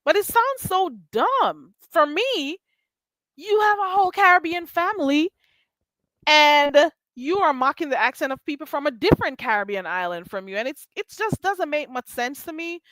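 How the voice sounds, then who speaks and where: A woman's voice: high voice, expressive, moderate pace, fairly bright tone, no room sound. A woman hosting a casual commentary show, talking in a blunt, emphatic and profane way.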